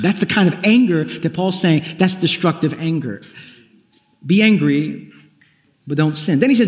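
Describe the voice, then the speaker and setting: A man's voice: high voice, lively intonation, fast. A man preaching a sermon as pastor, talking conversationally with wry asides and frequent restarts. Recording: echoey hall, long reverb.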